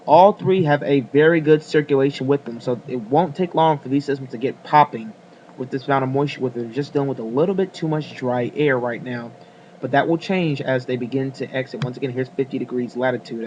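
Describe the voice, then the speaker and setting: A man's voice: medium pitch, lo-fi sound, slight background noise. A man giving a casual weather forecast video, rambling with fillers and apologies as he works the screen.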